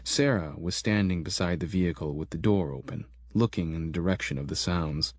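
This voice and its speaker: A male audiobook narrator with a deep, dry voice reads scripted horror in a steady, measured storytelling manner. There is no room sound.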